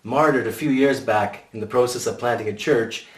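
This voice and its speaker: A man's voice: medium pitch, normal speed. Wry man narrating a memoir, roomy sound. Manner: dry, wry storytelling. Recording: roomy sound from a distant mic.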